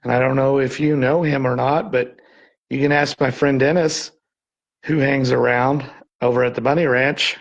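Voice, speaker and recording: Gentle coaxing man on a ghost hunt. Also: mid-range voice, fairly even intonation, normal speed, muffled recording. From Texas. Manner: soft, coaxing, reassuring. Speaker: paranormal investigator. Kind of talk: live-streamed ghost hunt. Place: old saloon building at night.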